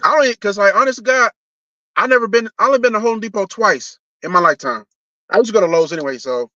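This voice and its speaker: A man's voice: high-pitched, quick pace, bright, forceful tone, no echo. A young man, ranting casually about sports on a live stream, blunt and profane, often restarting his sentences. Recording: dull lo-fi stream audio.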